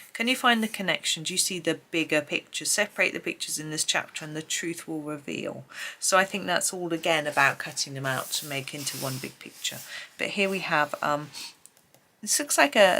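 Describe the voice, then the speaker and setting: A woman's voice: sits low, gravelly, sharp tone, slight background noise. A woman, sleepy and just woken up, chatting casually and musing aloud as she flips through pages, with light laughs. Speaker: host. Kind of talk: casual flip-through chat.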